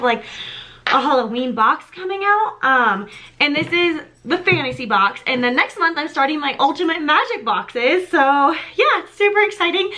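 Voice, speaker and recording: A young woman recording a casual unboxing vlog, excitable and chatty, with lots of ums and little gasps. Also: high voice. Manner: bubbly and excitable, many ums. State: slightly out of breath. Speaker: vlogger.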